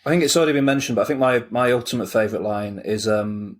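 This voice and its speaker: A man's voice: medium pitch, quick pace. A man co-hosting a film review podcast. He talks in a thoughtful, earnest way and picks out small details. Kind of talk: casual film review chat.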